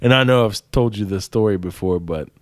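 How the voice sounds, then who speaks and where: A man's voice: fairly low pitch, a little fast, dry recording. A man co-hosting a podcast, telling stories casually, swearing and laughing often. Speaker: podcast co-host. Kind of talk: casual chat.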